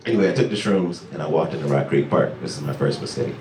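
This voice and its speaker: A male stand-up comedian telling a story to a club audience, with animated delivery that jumps into high, excited voices. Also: fast, hardly any pauses. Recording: echoey club sound from far off.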